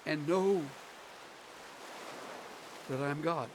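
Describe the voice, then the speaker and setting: A male pastor preaching at a slow, unhurried pace, with a voice pitched a bit above the usual. He leans on long, deliberate pauses and hits the key words with emphasis. The sermon recording is laid under the clear sound of ocean waves and a running stream. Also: slight background noise.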